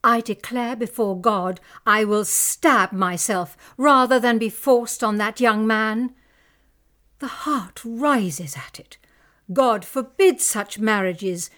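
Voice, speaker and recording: A young noblewoman, distressed and defiant, played by a woman, speaks with raw emotion. Her voice sits a little high. It is a dramatic reading of a classic story. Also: expressive, takes it slowly, a bit bright. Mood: pleading. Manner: emotional, pleading and indignant.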